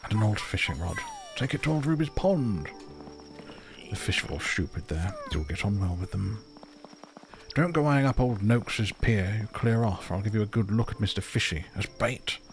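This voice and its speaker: A man reading a game's lines as a gruff, brusque old male hobbit who grumbles and makes mock threats. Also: fairly low pitch, animated, normal speed, faint music behind. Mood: grumbling.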